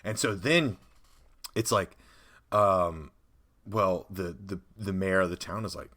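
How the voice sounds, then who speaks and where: A man's voice: sits low, takes it slowly, fairly bright tone. A man co-hosting a casual chat about tabletop game prep, rambling and laid-back. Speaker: podcast co-host.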